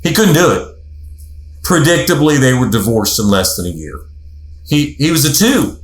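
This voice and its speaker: A man's voice: medium pitch, sing-song, moderate pace. A man hosting a relationship talk show, chatting casually as a counselor who tells stories and acts out quotes. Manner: conversational, storytelling, acts out quotes. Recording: roomy echo.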